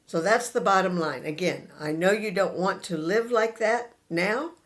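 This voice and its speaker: A man giving a spiritual talk to an audience. He speaks to the listeners directly and earnestly, pausing between short phrases and repeating his key points. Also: high voice, a bit bright. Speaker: spiritual teacher.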